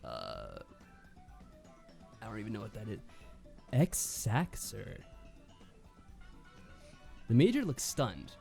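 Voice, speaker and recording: A man's voice: lowish voice, wildly swooping pitch, moderate pace, vocal fry, long pauses, darkish tone, soft background music. A man streaming a visual novel, reading its narration aloud and musing on it. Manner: reads narration aloud, then muses on it. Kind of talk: reading narration and casual commentary.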